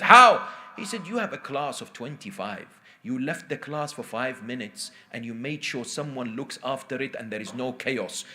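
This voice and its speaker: A male preacher giving a sermon, telling a story with dramatic dips into hushed tones and asking the congregation questions. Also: mid-range voice.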